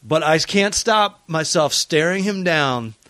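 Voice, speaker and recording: A man's voice: a little high, slow, no room sound. Profane storytelling comic man, dry mic. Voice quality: profane, animated storyteller who acts out quotes. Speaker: touring stand-up comic, podcast guest. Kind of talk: casual storytelling chat. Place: hotel room.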